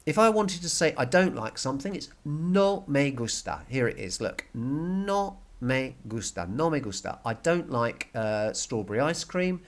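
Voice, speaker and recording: A man teaching a recorded Spanish grammar lesson, patient and repeating words slowly for learners. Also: medium pitch, lively intonation.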